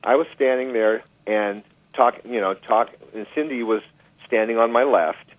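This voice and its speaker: Animated man telling stories over a phone line. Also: medium pitch, normal speed, no room sound. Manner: animated storyteller, lots of restarts and asides. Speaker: guest musician. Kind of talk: casual anecdote-telling interview. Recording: dry tinny phone line.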